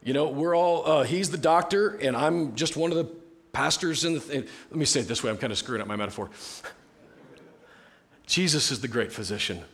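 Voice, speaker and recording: A man preaching a sermon as pastor in a conversational way, often dropping to a soft, hushed tone. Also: fairly high pitch, a little fast. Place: church sanctuary.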